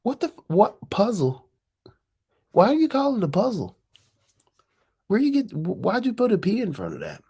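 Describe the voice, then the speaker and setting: A woman's voice: mid-range voice, wildly swooping pitch, moderate pace, long pauses, dark tone, slightly rough. A woman hosting a live stream, talking casually and firing off profane rhetorical questions.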